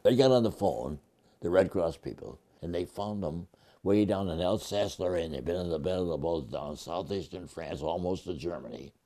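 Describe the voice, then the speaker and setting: An older man, a war veteran, recounting his memories in an interview in a halting way with frequent restarts and a gravelly voice. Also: low voice, warm tone.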